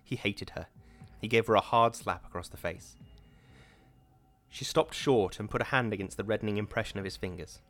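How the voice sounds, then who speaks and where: A man narrating an audiobook in a measured, dramatic reading. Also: on the low side, fairly bright tone. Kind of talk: scripted narration.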